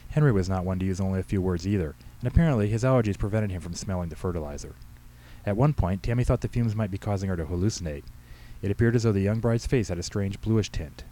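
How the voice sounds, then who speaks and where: A man reads his own humorous story aloud with a brisk, wry delivery. His voice is low and mellow, and he moves through the text at a fast clip. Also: low-quality recording. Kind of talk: storybook narration.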